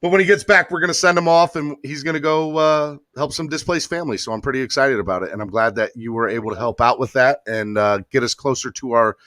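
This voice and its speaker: Excitable man hosting a live sports podcast. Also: mid-range voice, fast, hardly any pauses, dry recording, clean studio sound. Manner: excitable, emotional, lots of fillers and restarts. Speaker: podcast host. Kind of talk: casual live-stream chat.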